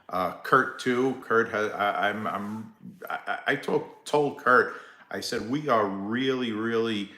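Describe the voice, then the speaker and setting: A man's voice: fairly low pitch, pushed and bright. Chatty Brooklyn-accented man on a live stream. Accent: New York (Brooklyn/Staten Island). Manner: rambling, chatty, greets viewers by name, frequent restarts. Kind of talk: casual live stream chat. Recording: echoey room.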